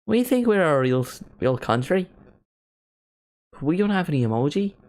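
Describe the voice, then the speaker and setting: A man's voice: fairly high pitch, very animated, moderate pace, a little mellow, pitched above the performer's own voice. A man putting on a broad Northern Irish greeter. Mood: mock-welcoming. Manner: overdone, sing-song, mock-welcoming.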